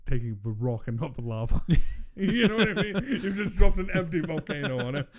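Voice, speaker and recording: Stubborn male podcast co-host, halting delivery, slightly high-pitched. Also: lively intonation. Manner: halting, restarts, argumentative. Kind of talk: casual chat.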